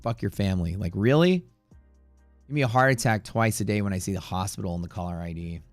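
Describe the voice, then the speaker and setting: A man with a somewhat low voice hosts a live trading stream in a loose, rambling, sometimes profane way. The sound is close and dry, with faint music playing behind him. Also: brisk, no room sound. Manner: chatty, rambling, occasionally profane. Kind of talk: casual live-stream commentary. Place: Houston area.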